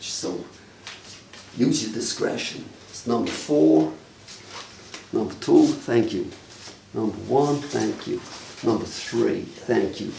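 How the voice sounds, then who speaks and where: A man doing live character comedy as a detective, delivering deadpan mock-official patter to the audience. His pitch swings widely. He echoes through a live venue and is picked up from a distance, with faint noise behind. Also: takes it slowly, vocal fry, long pauses.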